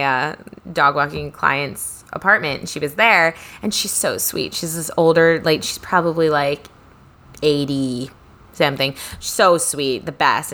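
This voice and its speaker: Woman in her thirties, chatty storyteller, bright tone, lowish pitch, casual chat. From Northeast US. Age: 30s. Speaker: podcast co-host.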